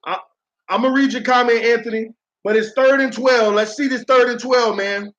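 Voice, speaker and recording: Man, very high voice, excitable, slangy, football reaction stream, dull lo-fi audio. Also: normal speed. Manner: excitable, slangy, dramatic groaning and laughing.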